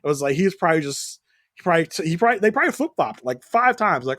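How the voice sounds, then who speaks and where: A man co-hosting a podcast recap, chatting casually and acting out quotes in animated voices. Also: fairly high pitch, fast, no echo, clean studio sound. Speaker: podcast co-host. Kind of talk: casual chat.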